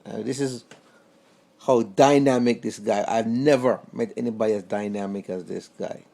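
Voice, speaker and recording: A man telling a personal story about his grandfather straight to camera, in a casual, halting way that repeats words. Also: lowish voice, gravelly, warm tone. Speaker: vlogger.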